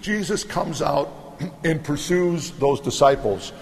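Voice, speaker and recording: A man's voice: on the high side, takes it slowly. Middle-aged man preaching in a reverberant hall. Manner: animated storytelling, acts out scripture voices. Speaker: pastor. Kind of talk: sermon.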